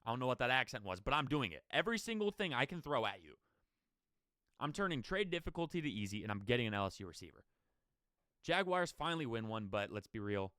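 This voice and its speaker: A man hosting a sports podcast, giving an opinionated, rapid-fire solo rant full of rhetorical questions. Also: mid-range voice, pushed and bright, no room sound, clean studio sound.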